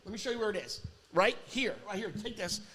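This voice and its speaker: A man's voice: high voice, fast, slightly rough. A man hosting a podcast, telling a story in a casual chat with lots of acted-out voices and laughter. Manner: animated storyteller, acts out voices, laughs often. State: sore mouth after dental work. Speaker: podcast host.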